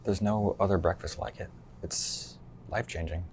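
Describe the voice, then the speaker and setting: A man's voice: deep voice, steady tone, normal speed, darkish tone, slight background noise. A man chatting casually as a guest, laid-back, laughing often and swearing offhandedly. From United States. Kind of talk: casual chat.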